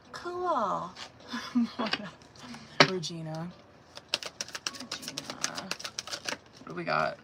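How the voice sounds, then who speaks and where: A woman with a sore throat gives tarot readings on a live stream. She speaks softly in loose, profane slang and laughs often. Steady background noise runs under her voice. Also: on the low side. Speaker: tarot reader. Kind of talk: casual live-stream chat.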